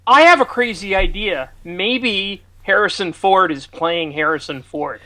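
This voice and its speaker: A man's voice: high voice, unhurried, pushed and bright. A man on a casual podcast, dropping wry, offbeat remarks. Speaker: podcast co-host. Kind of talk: casual chat.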